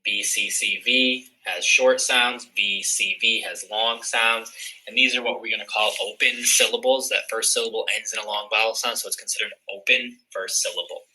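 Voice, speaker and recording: Male teacher, low and very bright tone, clear step-by-step explainer. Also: fairly even intonation, normal speed, rough recording. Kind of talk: recorded phonics lesson.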